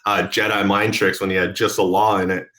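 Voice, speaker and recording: A man hosting a radio show, chatting casually and eagerly with a guest like an excited fan. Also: deep voice, a little fast. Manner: enthusiastic, speaks as an excited fan. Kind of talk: casual radio interview chat.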